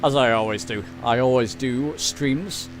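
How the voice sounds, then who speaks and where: A man's voice: mid-range voice, measured pace, faint music behind. A man with an English accent giving casual live commentary while flying a simulator, chatty and self-deprecating as he answers his chat. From England. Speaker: flight sim streamer.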